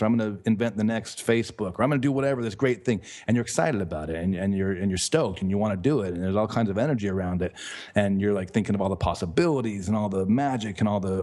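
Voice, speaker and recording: Male podcast guest, lowish voice, loose and rambling, casual cursing, restarts his sentences. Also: darkish tone. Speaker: guest, author.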